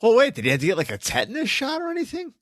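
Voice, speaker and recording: A man co-hosting a podcast, chatting casually with quick reactions and frequent laughs. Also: very high-pitched, wildly swooping pitch, a bit bright, no room sound, studio quality. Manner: laid-back, quick reactions, laughs often. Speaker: podcast co-host. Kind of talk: casual chat.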